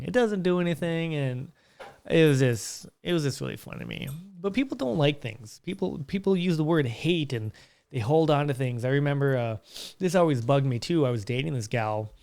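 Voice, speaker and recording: Young male podcast host, gravelly voice, casual rambling monologue with restarts, small curtained room. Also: a little high, lively intonation, normal speed, darkish tone. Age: young adult. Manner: rambling storyteller with frequent restarts.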